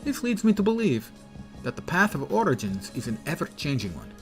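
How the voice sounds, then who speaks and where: A man's voice: a little high, big pitch swings, a little fast, soft background music, pitched above the performer's own voice. A man putting on an exaggerated Russian accent to voice a cold male scientist lecturing about mutants in a game. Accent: put-on Russian. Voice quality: exaggerated, self-mocking accent. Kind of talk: reading game dialogue aloud.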